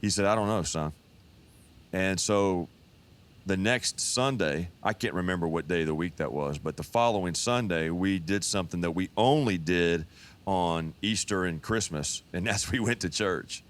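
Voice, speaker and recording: Deep-voiced man in his fifties, folksy storyteller. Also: normal speed. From Texas. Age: 50s. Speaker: pastor. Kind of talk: storytelling a personal testimony.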